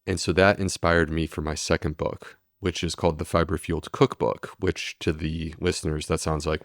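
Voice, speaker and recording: A man's voice: sits low, fairly even intonation, normal speed, gravelly, hardly any pauses, dry recording, studio quality. A man, a medical doctor, explaining steadily and earnestly in a podcast interview. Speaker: gastroenterologist guest.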